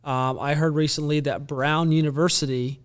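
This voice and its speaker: A man co-hosting a Christian podcast, talking in an animated way as he builds up his points. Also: fairly high pitch, moderate pace, clear, resonant tone. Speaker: podcast co-host. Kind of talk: conversational Christian podcast discussion.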